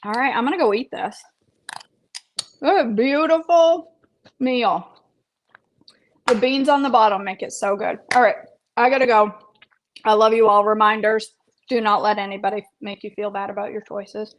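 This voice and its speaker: A woman's voice: medium pitch, poor audio. A woman health coach chatting playfully while she eats on a casual livestream, with self-deprecating jokes. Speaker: health coach and vlog host.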